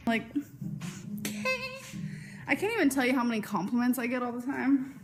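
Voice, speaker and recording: A woman vlogging in a loose, chatty way, leaning on "like" as she goes. Her voice sits a little high. Music plays steadily behind her. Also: fairly even intonation, fast talker. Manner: chatty, peppered with "like". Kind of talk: casual vlog chat. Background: background music.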